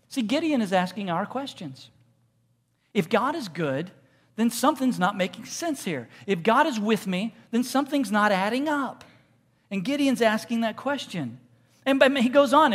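A pastor delivers a sermon in an animated, conversational way, mixing joking asides with rhetorical questions put to the congregation. The voice carries a long reverb from a church sanctuary. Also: medium pitch, normal speed.

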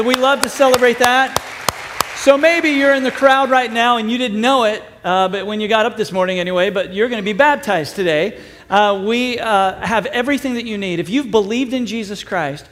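A man's voice: sits high, a bit bright. A man preaching as a pastor to his church, upbeat and conversational with self-deprecating humor. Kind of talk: sermon. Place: church auditorium. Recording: long hall reverb.

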